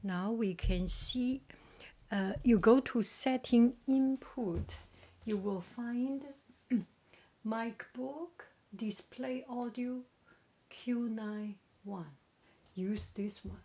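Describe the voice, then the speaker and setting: A woman casually demoing a new microphone, drifting between quiet speech and whispers. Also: fairly high pitch, drawn-out words. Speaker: vlogger unboxing and testing a microphone. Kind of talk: casual demo with soft whispering. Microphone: testing a new desktop microphone.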